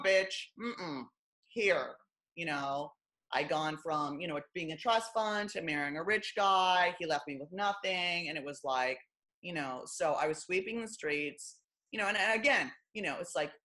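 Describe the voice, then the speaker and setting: A middle-aged woman, an author appearing as a guest, speaks in a low, slightly bright voice. She's blunt and self-mocking in candid interview chat, acting out other people's lines.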